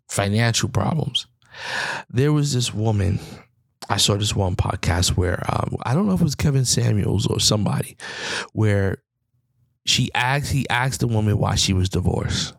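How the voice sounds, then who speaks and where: Gravelly-voiced man in a heated rant. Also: lowish voice, dry recording, clean studio sound. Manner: heated, rambling, repeats himself. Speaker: podcast host. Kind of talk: casual opinion monologue.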